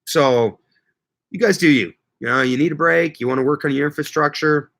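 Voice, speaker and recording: A man's voice: fairly high pitch, normal speed, creaky, fairly bright tone. A man hosting a casual gardening livestream, rambling and joking as he reads viewer comments aloud. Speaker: livestream host. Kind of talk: casual live chat with viewers.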